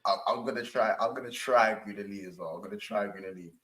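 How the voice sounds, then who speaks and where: A man's voice: on the low side, quick pace, fairly bright tone. A young man, chatting casually and jokily about football on a stream, full of slang and fillers. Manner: slangy, lots of fillers, jokey. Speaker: football channel host.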